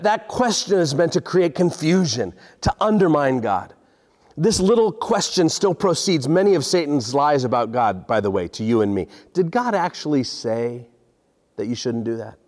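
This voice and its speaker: A man's voice: fairly high pitch, darkish tone. A man in his forties preaching a sermon to a congregation, earnest, often repeating words as he builds his points. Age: 40s. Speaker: pastor. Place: large hall with congregation. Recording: long hall reverb.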